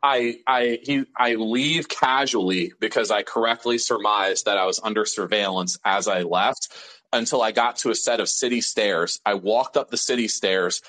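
A man's voice: lowish voice, moderate pace, rough recording. A man from Pittsburgh, an interview guest, telling a story casually with a lot of swearing and filler words. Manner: profane, animated storytelling with many fillers.

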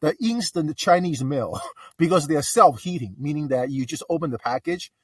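A man phoning in to a talk show who speaks earnestly, stopping often with uh and restarting. His voice is mid-pitched and sounds set back from the mic, yet dry. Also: expressive, slightly rough, no echo, recorded from a distance. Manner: halting, many uh fillers, earnest. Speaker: caller. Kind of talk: casual call-in talk.

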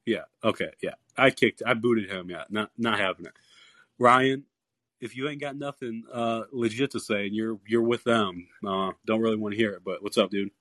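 A man hosts a live call-in basketball podcast, taking one caller after another, blunt and easily irritated, tripping over repeated words before he lands his point. His voice is on the low side, steady and a bit bright at a moderate pace, in a dry recording.

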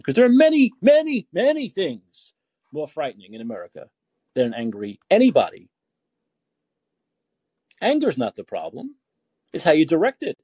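A man's voice: on the high side, darkish tone, slightly rough, dry recording. A man hosting a call-in podcast, ranting with indignation and firing off rhetorical questions, often repeating words as he heats up. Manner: repeats words when heated. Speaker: podcast host taking calls.

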